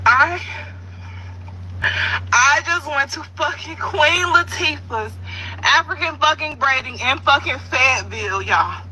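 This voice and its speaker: A crying, distraught woman, shouting and cursing as she tells what happened at a salon. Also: sits high, lively intonation, a little slow, pauses often, a little hiss or hum, low-quality recording. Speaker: salon customer in a viral clip.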